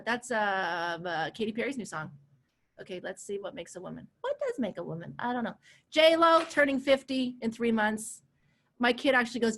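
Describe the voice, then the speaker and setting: A woman in her forties, a coach and course instructor, runs a live online coaching class over a video call. Her mid-range voice is chatty and animated, and she laughs easily and tends to repeat herself.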